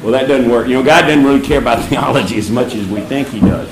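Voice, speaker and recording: A man telling a personal faith testimony in a lively storytelling style, acting out the other people in the story with big jumps in his voice. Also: fast talker. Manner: animated storyteller, acts out quoted voices with big pitch jumps. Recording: roomy with faint ambient noise.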